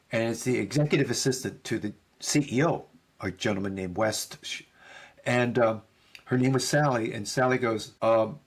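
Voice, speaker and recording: A man's voice: medium pitch, breathy edge. A middle-aged man, a podcast guest, telling a story in conversation and acting out both sides of the dialogue.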